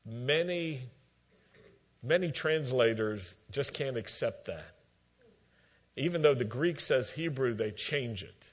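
Guy preaching a sermon real slow and deliberate, emphatic w/ dry little jokes, kinda muffled lo-fi sound. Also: medium pitch. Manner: measured, emphatic storytelling with dry asides. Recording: dull lo-fi recording.

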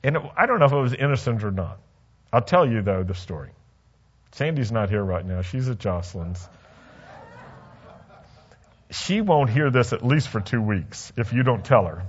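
A man's voice: mid-range voice, lively intonation, moderate pace, pauses often, husky, muffled recording. A man preaching a sermon in a conversational way, asking the congregation questions and telling stories from his own life. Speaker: pastor.

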